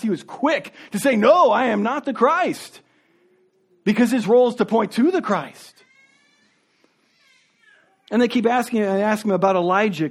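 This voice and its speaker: Male pastor, high voice, sermon delivery, reads a passage then unpacks it casually. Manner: reads scripture then explains it conversationally, with repeated restarts; acts out questioners' voices in the retelling.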